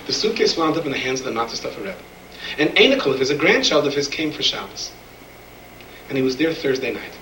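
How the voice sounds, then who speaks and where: Telling stories in a sermon, a man speaks at a medium pitch and a fairly quick pace, acting out the voices in his quotes with animation. He's recorded from a distance in an echoey room with slight background noise.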